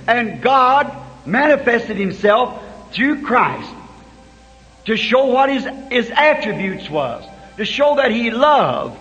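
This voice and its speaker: A fervent man preaching a revival sermon in a very high, bright, ringing voice that climbs to shouts. The sound is a dull, muffled old tape with a long hall reverb and faint music underneath. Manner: fervent, builds to shouting climaxes.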